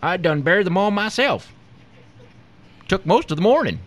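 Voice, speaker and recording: A man doing a slow, unconcerned rural farmer in a joke, matter-of-fact and deadpan. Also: high-pitched, no echo, pitched above the performer's own voice. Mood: flat. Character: laconic unbothered rural male farmer.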